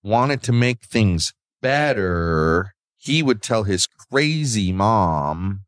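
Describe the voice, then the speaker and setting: A man doing an impression of a brash middle-aged reality-TV mom, in a flat, understated way. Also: fairly low pitch, drawn-out words, no echo, clean studio sound. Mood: scolding.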